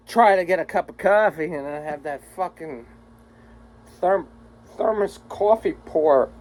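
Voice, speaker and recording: Over a rough recording, a high-voiced man rants to his vlog viewers, rambling and exasperated. He's crude and can barely finish a sentence without profanity.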